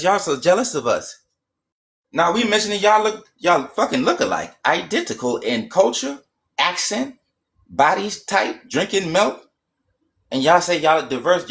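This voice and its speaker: A man's voice: a little high, a bit bright. A man in a heated casual rant, profane and emphatic. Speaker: streamer.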